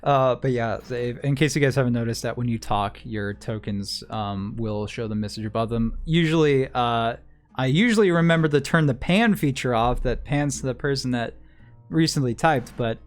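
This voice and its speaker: Guy running a d&d game, lots of ums, music quietly in the back. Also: mid-range voice, moderate pace. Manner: rambling, lots of fillers. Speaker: game master. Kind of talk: narrating a tabletop game.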